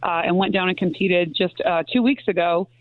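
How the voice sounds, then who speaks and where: A woman's voice: lowish voice, a little fast, no room sound. A woman pastry chef speaking in an interview, matter-of-fact with small hesitations. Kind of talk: recorded interview. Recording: dry, phone-like line.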